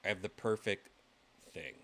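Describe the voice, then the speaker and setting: A man hosting his own show, reacting to clips in casual livestream commentary, excitable and swearing freely with loud exclamations. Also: lowish voice, normal speed. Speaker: show host.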